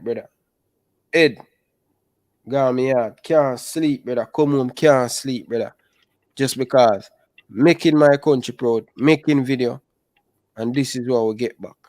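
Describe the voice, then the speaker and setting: A young adult man with a Jamaican accent, chatting casually about football in animated patois. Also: mid-range voice, no echo. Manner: animated, speaks Jamaican patois and calls listeners brother. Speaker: football channel host. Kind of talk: casual chat.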